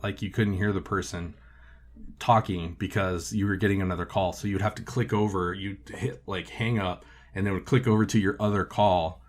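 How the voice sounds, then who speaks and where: Male podcast host, low voice, profane and animated, casual film recap.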